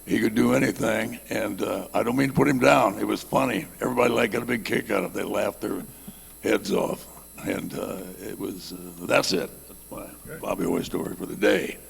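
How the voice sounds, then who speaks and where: Gravelly older man telling a folksy story. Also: lowish voice, steady tone, moderate pace, in a large hall. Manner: folksy, rambling, laughs at his own jokes. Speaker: panel guest telling a story. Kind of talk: storytelling on a reunion panel.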